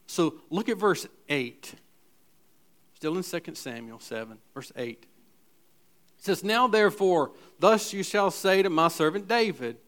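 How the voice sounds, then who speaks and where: Man, pastor, sermon, fairly high voice, reads verses and comments, emphatic swells. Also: fairly bright tone. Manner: emphatic, rises in volume on key lines, drops low on asides; reads scripture aloud and comments between verses.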